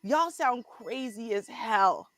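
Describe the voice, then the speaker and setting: A woman hosting a casual commentary show, animated and sarcastic, laughing often and talking straight to her viewers. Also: on the high side, slow, dry recording. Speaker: host. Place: Ontario.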